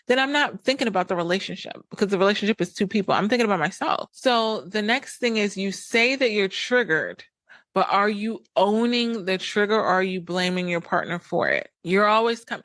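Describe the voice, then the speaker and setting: Woman host, coaching monologue; blunt, emphatic, hammers points home; mid pitch, dry close sound. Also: expressive, moderate pace, a bit bright, no echo. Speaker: podcast host and PMDD coach. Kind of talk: direct advice monologue.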